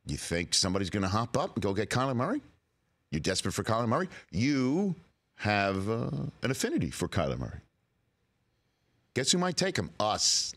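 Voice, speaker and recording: Sports talk host, male, lively and bright, riffs with mock drama. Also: lowish voice, normal speed. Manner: animated, mock-dramatic, playful riffing. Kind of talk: sports talk radio monologue.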